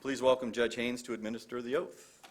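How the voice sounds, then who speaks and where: A man's voice: mid-range voice, flat delivery, fairly quick. A man announcing at a graduation ceremony, reading award and speaker introductions from a script at a podium microphone, with a few stumbles. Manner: formal, read from script, some stumbles.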